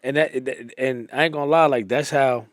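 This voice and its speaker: A man on a casual podcast, agreeable and quick to back up and affirm the others. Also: mid-range voice, fairly even intonation, no room sound, clean studio sound. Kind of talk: casual chat.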